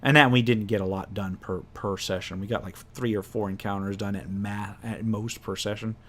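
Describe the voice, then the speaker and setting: A man's voice: lowish voice, fairly even intonation, normal speed, fairly bright tone. A man telling a tabletop game story as game master, casually and with many restarts, acting out his players' lines. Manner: rambling, many restarts, acts out players' voices.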